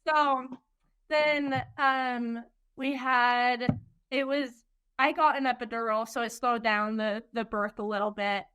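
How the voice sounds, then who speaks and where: Young woman guest telling her birth story, high voice, slow and full of likes and ums, gets teary. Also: steady tone, a bit bright, clean tone. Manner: lots of "like" and "um", quotes others. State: tearful at moments. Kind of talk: emotional personal storytelling.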